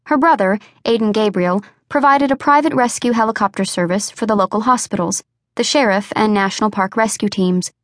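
A woman narrating an unabridged audiobook in a measured, even storytelling voice. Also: mid-range voice, no echo, studio quality.

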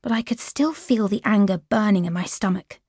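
A woman narrating a children's audiobook at a middle pitch in a clear, lively storytelling manner. The recording is dry and close, with no room sound. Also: normal speed, no room sound.

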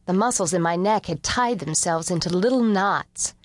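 A woman's voice: on the low side, normal speed, no room sound. Woman narrating a wry first-person mystery. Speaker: audiobook narrator.

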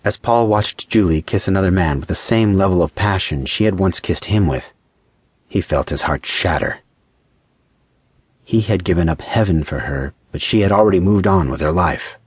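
A male audiobook narrator with a very low, husky voice reads a story in a measured, even way. The close mic gives a dry, dead sound with no room around it. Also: no room sound. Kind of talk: scripted narration.

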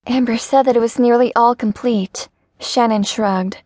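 A woman reads a first-person audiobook in a steady, measured voice. Her pitch sits somewhat high. The recording is close and completely dry, with no room sound. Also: no echo. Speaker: audiobook narrator.

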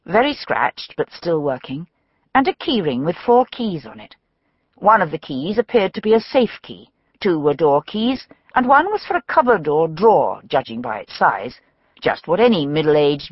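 Expressive woman narrating a mystery. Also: low-pitched, husky, no room sound, lo-fi sound. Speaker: audiobook narrator. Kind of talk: scripted narration of a mystery novel.

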